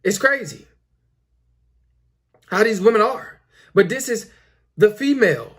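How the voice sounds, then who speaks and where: Young male host, high voice, preachy and repetitive, filler-heavy casual monologue. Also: lively intonation, unhurried, a bit bright, slightly rough. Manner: repetitive, preachy, lots of "you know" fillers. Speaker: commentary video host.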